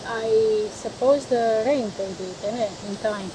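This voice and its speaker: A woman's voice: on the high side, measured pace, mellow. A woman chatting outdoors by a river, responding with short, enthusiastic remarks. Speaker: travel vlogger. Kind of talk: casual chat. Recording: noisy outdoor recording near a waterfall.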